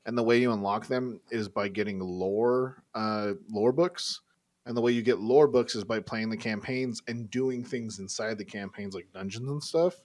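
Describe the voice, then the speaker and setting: A man co-hosting a gaming podcast, chatting casually and excitedly with swearing and filler words. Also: fairly low pitch, normal speed. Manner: animated, swearing, "like" and "dude" fillers. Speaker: podcast co-host. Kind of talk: casual chat.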